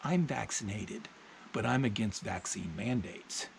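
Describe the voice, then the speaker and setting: A man vlogging in a casual, plainspoken monologue, telling his thoughts and a story at an unhurried pace. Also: on the low side, creaky, a little hiss or hum, low-quality recording.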